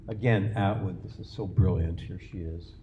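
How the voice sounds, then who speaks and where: An older man with a lowish voice lectures to an audience, spinning wry, self-mocking stories with plenty of ums and uhs. The recording carries a steady layer of background noise. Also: normal speed, highs cut off. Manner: chatty storyteller, wry and self-mocking, frequent fillers. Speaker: guest lecturer, artist. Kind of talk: anecdotal public lecture. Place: lecture room.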